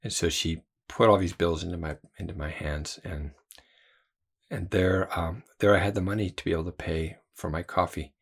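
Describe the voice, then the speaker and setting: A man's voice: deep voice, steady tone, normal speed, vocal fry, slightly rough. A man, a Christian trainer and theologian, telling a personal story in a rambling way with many fillers and restarts.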